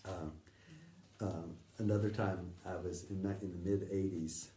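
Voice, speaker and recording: A middle-aged man recounting memories in a halting, conversational way, often acting out the voices he quotes and sometimes dropping to a near whisper. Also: sits low, fairly even intonation, mellow. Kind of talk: conversational anecdote telling. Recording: distant roomy recording with faint ambience.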